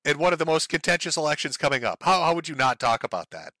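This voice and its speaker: A man's voice: fairly high pitch, big pitch swings, quick pace, bright, forceful tone. A man giving a heated, profane political rant, full of sarcastic mocking impressions. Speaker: commentary streamer. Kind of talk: ranting political commentary.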